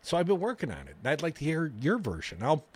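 Male radio host, sarcastic political banter, a bit high and very animated, dry studio sound. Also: fast, husky, no echo. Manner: wisecracking, reads news items aloud with sarcastic asides. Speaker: radio talk show host. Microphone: studio microphone.

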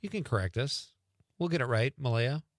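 A middle-aged man hosts a radio talk show, chatting casually while reading listener texts aloud. His medium-pitched voice is expressive and moderately paced. The studio microphone gives a clean sound with no echo.

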